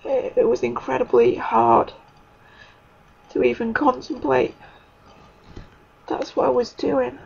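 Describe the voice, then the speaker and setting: A woman giving an emotional spiritual testimony, halting, with many pauses and fillers. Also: high-pitched, level tone, vocal fry, darkish tone, slightly rough, highs cut off. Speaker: spiritual speaker.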